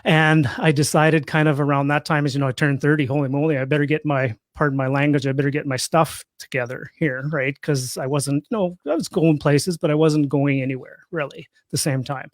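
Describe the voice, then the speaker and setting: Canadian man, fifties, raised on the prairies, slightly high voice, jokey and chatty, dry close sound. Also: steady tone, fairly quick, hardly any pauses, no room sound. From Saskatchewan, Canada. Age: 50s. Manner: chatty, jokey, self-deprecating. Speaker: guest, real estate investor. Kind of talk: casual interview talk.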